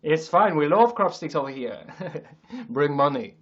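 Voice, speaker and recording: A man doing a shouted mock Czech accent as a pushy host touting his country. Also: fairly high pitch, big pitch swings, measured pace, dull audio. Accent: Czech, put on.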